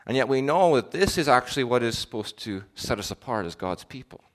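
A man's voice: medium pitch, expressive, fairly quick. A male pastor preaching a sermon in an earnest, questioning way, with frequent fillers and restarts.

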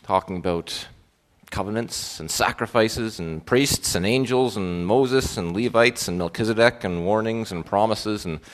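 Male pastor, sermon, low voice, earnest, repeats and restarts often. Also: a little slow. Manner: earnest, questioning, frequent fillers and restarts.

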